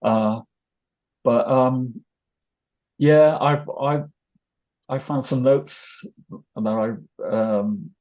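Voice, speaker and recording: An older man with a North Welsh accent talks in a loose, anecdotal way, poking fun at himself as he goes. His voice sits at an ordinary pitch and sounds warm and mellow. He speaks as a guest in a casual interview. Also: extremely slow, pauses often. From North Wales. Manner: rambling, anecdotal, self-deprecating.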